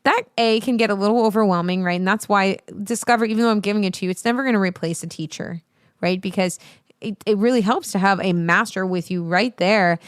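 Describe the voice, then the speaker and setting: A woman voice teacher giving a casual spoken lesson in a chatty, animated way, swearing freely and wandering into asides. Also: mid-range voice, fast, clean tone, no echo, clean studio sound. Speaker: voice teacher and show host.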